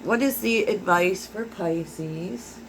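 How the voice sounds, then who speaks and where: A tarot reader with a fairly low voice gives a casual reading to her viewers, taking it slowly. She muses aloud as she goes, using lots of fillers, while a faint hum of room ambience sits in the background.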